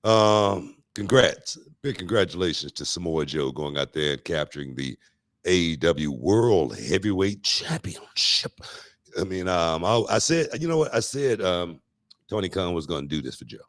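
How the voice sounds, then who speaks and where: A man's voice: deep voice, animated, normal speed, dry recording. A man co-hosting a wrestling podcast in casual chat. He opens with punchy catchphrases and often adds "you know what I mean". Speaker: podcast co-host.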